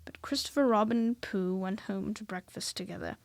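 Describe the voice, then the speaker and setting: A woman reading a children's storybook aloud, expressive and dropping to hushed whispers at tense moments. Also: mid-range voice, brisk, creaky, no echo.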